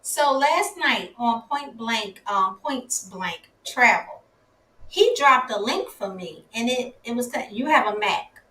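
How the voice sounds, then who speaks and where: A woman hosting a casual live-stream interview, effusive and quick to exclaim. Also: on the high side, animated, sharp tone. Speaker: host. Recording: echoey room.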